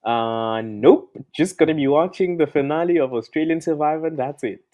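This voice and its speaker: A man's voice: on the high side, normal speed, mellow. A man from South Africa, a laid-back podcast guest who gives short answers and laughs. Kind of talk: casual podcast chat.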